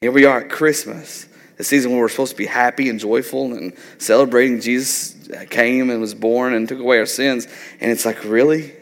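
A man's voice: mid-range voice, little pitch movement, brisk, in a large hall. A man in his thirties preaching a sermon in a loose, conversational way, often tagging on "like" and "right?". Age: 30s. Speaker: pastor.

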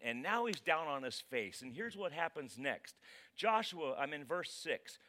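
A man preaching a casual, conversational sermon as pastor, dramatic and animated. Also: fairly high pitch, unhurried.

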